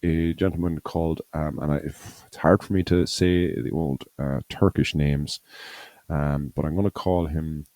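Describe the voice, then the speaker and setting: A very deep-voiced man rambles casually on a podcast, circling back with fillers and self-corrections. His tone is mellow and low. The sound is close and dry. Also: fairly even intonation, normal speed, no room sound. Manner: rambling, full of fillers and restarts. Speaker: podcast co-host. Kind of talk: casual chat.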